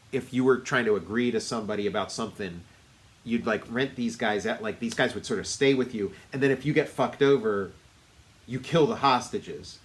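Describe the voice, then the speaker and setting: A man co-hosting a casual movie review podcast, rambling and circling back with many fillers. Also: on the low side. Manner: rambling, lots of fillers and restarts. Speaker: podcast co-host.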